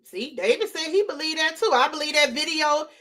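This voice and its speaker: A woman hosting a casual live-stream, talking straight to her chat in an animated way and repeating her points for emphasis. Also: high voice, a little fast. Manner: animated, repeats herself, addresses chat directly. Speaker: livestream host.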